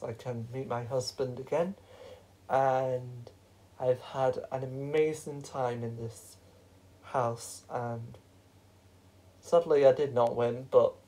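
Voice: mid-range voice, mellow, poor audio. Someone voicing a shy evicted housemate. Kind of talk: fan-made reality show role-play.

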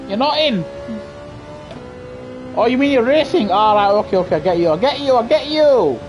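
A man with a high voice, giving excitable live commentary on a racing game, chatting with viewers and yelling as he gains places. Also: moderate pace, faint music behind. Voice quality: high-pitched voice. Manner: excitable, yelling at the race, laughing often. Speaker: gaming streamer.

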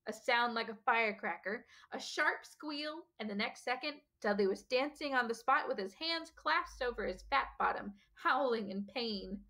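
A teacher reading a novel aloud in a steady, expressive storytelling manner. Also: female voice, on the high side.

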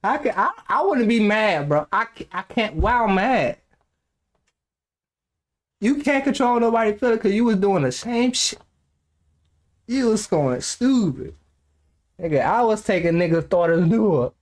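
Young man, high voice, very lively pitch, casual profane reaction commentary, laughs a lot. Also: measured pace, pauses often. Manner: animated, profane, laughs often, rambling anecdotes. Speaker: reaction video host.

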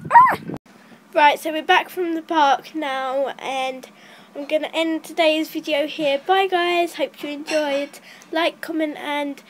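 A young female vlogger filming herself on a phone at an outdoor playground, chatty and excitable, squealing on the rides. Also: high voice, unhurried. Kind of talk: casual vlog narration. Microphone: handheld phone. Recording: loud wind noise on a phone mic outdoors. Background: wind and outdoor noise.

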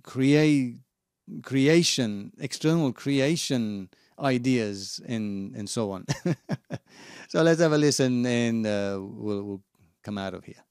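A man walks viewers through his recording software in an easygoing, halting way, often pausing to find a word. His voice is gravelly and mellow at a middle pitch. It sounds dry and close, with soft music underneath. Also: dry recording. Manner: halting, searching for words. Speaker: home studio host. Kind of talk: casual software tutorial.

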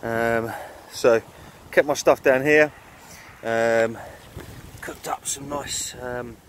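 This motorcycle camping vlogger takes his time, his mid-range voice steady as he tells a rambling, filler-heavy story to a handheld camera. He's camped outdoors on a moorland site in winter, and a little hiss or hum sits under the recording.

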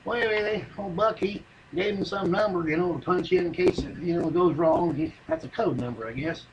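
A man's voice: sits high, brisk, highs cut off, a crowd in the background. A man telling a rambling, profane comic yarn in folksy, drawling speech. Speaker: comedian telling a story. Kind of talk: stand-up comedy monologue.

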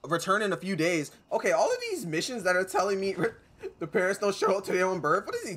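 A man's voice: a little high, lively intonation, moderate pace, fairly bright tone. A man streaming a video game, rambling and joking with his chat in casual commentary. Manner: rambling, jokey, talks to chat.

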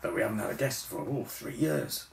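A man voicing a large, gruff old male bear who works as a hotel doorman in a storybook reading, speaking slowly and dutifully. He is recorded in a roomy space from a distance, with faint hiss behind him. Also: on the low side, lively intonation. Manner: slow, dutiful, addresses everyone as miss.

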